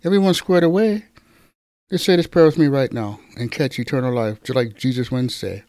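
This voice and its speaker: A man's voice: mid-range voice, a little fast, a little mellow, no echo. A man preaching a casual sermon and speaking to listeners like friends. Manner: conversational, calls listeners guys and bro.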